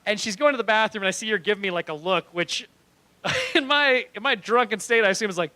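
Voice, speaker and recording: A man's voice: high-pitched, brisk, sharp tone, poor audio. A young man doing stand-up comedy on a small club stage, telling a rambling story animatedly and laughing at his own lines.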